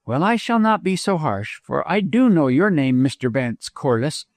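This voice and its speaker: Guy doing a bossy confident young woman, brisk, teasing, kinda high voice, dry sound. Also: sing-song, no echo. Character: bold, self-assured young woman on the trail.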